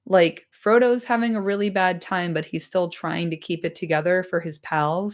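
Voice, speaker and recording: A woman streamer chatting casually to her live audience after a reading, enthusiastic and swearing freely, her voice slightly hoarse. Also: fairly low pitch, fairly even intonation, normal speed, few pauses. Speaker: streamer reading a book aloud.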